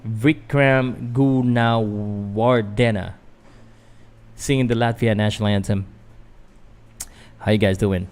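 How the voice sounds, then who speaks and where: A man's voice: on the low side, steady tone, takes it slowly, pauses often, darkish tone. A Filipino man, a boxing vlogger doing casual live fight commentary, chatting loosely to viewers with fillers and restarts. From Philippines.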